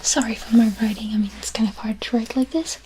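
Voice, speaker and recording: A woman in a whispered role-play as a French teacher, soft-spoken and patient, repeating each word slowly. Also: on the high side, fairly even intonation, a little hiss or hum.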